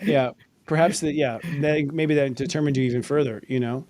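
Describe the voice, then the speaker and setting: A man's voice: mid-range voice, steady tone, fairly quick, a little mellow, a little hiss or hum. A man hosting an interview, thoughtful and affirming, who often uses fillers. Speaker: astrologer and show host. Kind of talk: interview chat.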